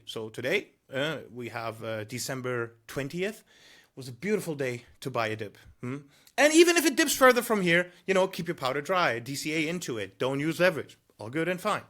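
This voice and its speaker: A man's voice: a little high, sing-song, fairly quick, pushed and bright. A man who trades, giving emphatic market advice to camera, coaching with rhetorical questions and a nudging 'hmm?'. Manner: frequent 'you know' fillers. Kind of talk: direct-to-camera advice monologue.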